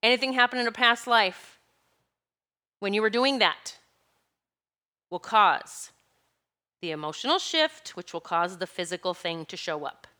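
Bright-voiced woman giving a rambling spiritual talk. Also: medium pitch, expressive, a little slow, long pauses. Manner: rambling, searching for words, laughs between thoughts. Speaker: spiritual speaker.

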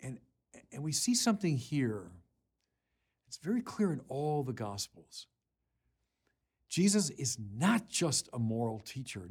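A man with a mid-range voice preaches a sermon at an unhurried pace, making small restarts and building to forceful emphasis on key lines.

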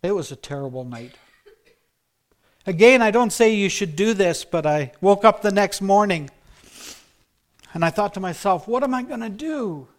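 Preacher, male, high voice, earnest testimony sermon with hushed emphatic drops. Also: expressive, normal speed, long pauses. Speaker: preacher giving his testimony.

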